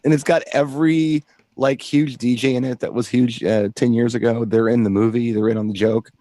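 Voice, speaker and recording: A man's voice: medium pitch, fairly even intonation, fairly quick, dark tone, no room sound. A man co-hosting a DJ show in casual chat, explaining things at length with enthusiasm. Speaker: DJ co-host.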